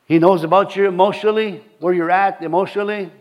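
A middle-aged man preaching a sermon in a halting, folksy way, full of fillers and restarts, with chuckling asides. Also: high voice, fairly even intonation. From reservation community. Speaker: pastor.

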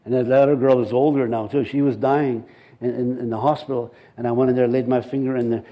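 A man's voice: medium pitch, brisk, highs cut off. A male pastor preaching a sermon, telling stories with acted-out dialogue and frequent repetitions. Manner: animated storytelling, acts out dialogue, frequent repetitions.

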